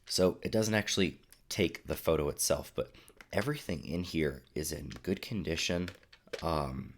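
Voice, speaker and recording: Young male streamer, very low gravelly voice, congested, loose rambling chat. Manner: relaxed, rambling, reads chat aloud. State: congested, sniffling. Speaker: photography live streamer. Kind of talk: casual live stream chat. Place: home desk room.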